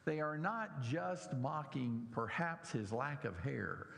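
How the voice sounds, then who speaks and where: A man's voice: on the high side, expressive, slow, vocal fry, fairly bright tone, long reverb tail. A middle-aged man preaching a sermon in a church, animatedly mocking the scoffers in his story.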